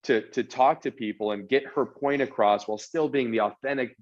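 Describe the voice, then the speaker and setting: A man with a medium-pitched voice speaks briskly on a lo-fi recording. He's a real estate executive appearing as a podcast guest, answering in an earnest, casual way and often repeating words as he starts a sentence.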